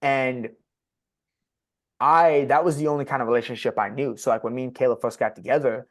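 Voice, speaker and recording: A man's voice: mid-range voice, fairly even intonation, a little fast. Blunt, swearing young man telling his story. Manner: blunt and profane, heavy use of "like". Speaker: podcast guest sharing his story. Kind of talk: candid personal storytelling.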